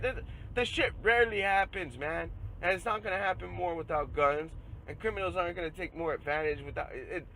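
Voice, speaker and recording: A man hosting a podcast, ranting in a casual, profane way that grows loud and heated. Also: high-pitched, a little fast, low-quality recording. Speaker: podcast host. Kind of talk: casual rant.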